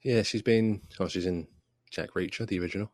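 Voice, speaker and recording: Lower-voiced jokey man. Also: steady tone, a little fast, darkish tone, dry recording, clean studio sound. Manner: jokey, chatty. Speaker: podcast co-host. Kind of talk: casual chat.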